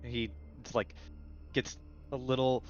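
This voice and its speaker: Male game master, loose rambling narration, mid pitch, dull lo-fi sound. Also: flat delivery, measured pace, faint music behind. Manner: rambling, filler-heavy, restarts.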